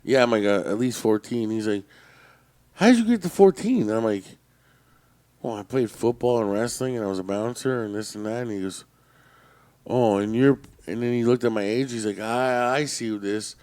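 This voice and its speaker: A man's voice: on the low side, steady tone, moderate pace, a little mellow, clean tone. A man co-hosting a podcast in casual chat, telling stories with plenty of swearing and acting out both sides of a conversation. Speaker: podcast co-host.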